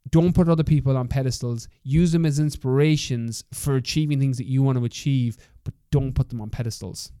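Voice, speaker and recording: A man's voice: mid-range voice, fairly even intonation, fairly quick, few pauses, dark tone, clear, resonant tone, dry recording, clean studio sound. A young adult man with an Irish accent hosting a motivational solo podcast, talking candidly and swearing freely in a coaching tone. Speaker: podcast host.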